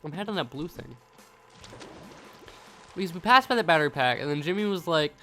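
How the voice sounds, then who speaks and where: A man's voice: a little high, lively intonation, a little fast, pushed and bright. Rambling young American man gaming. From United States. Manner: rambling, stumbling over words, swearing. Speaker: gaming YouTuber. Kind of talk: casual let's-play commentary.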